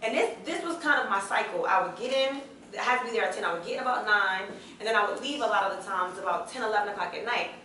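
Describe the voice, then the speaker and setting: Brief: a quick-talking woman with a higher, bright voice, animated panel storyteller, heard in an echoey event hall from some distance. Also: a little hiss or hum. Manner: animated, acts out voices in her stories, laughs often. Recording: echoey event room, mic picked up from a distance.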